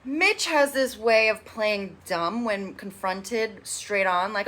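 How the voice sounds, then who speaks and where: With a bright, clear, mid-range voice, a young recap host chats her way through a casual TV rundown. She's sarcastic and keeps slipping into fast impressions of whoever she's quoting.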